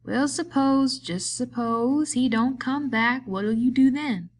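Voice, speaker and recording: A woman voicing a bitter, lonely man who taunts a friend, in a slow, drawling rural way of talking. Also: high-pitched, pitched above the performer's own voice, heavily acted. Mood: taunting.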